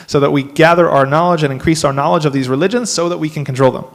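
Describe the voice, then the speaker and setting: Imam giving a workshop talk, slightly high voice, animated with wry asides, echoing hall. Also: male voice, fast, creaky. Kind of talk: lecture to a live audience. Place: mosque hall. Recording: long hall reverb.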